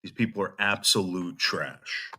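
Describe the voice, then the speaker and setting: A man's voice: low-pitched, measured pace, pushed and bright. A man giving blunt, scornful commentary on a clip and addressing its subject directly. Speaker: commentary streamer reacting to a clip. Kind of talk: reaction commentary.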